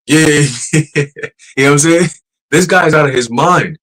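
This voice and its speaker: A man teaching casually on a church livestream, profane and animated, laughing and mocking as he talks. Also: a little high, normal speed, poor audio.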